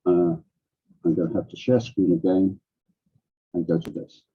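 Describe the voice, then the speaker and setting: Teacher guy doing a talk on a video call, acts out classroom questions, bit husky, muffled lo-fi sound. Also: normal speed. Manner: animated, acts out classroom prompts with big pitch swings. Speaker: language teacher presenting a workshop. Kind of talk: conference presentation over a video call. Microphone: video call microphone. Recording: dull, lo-fi video call audio.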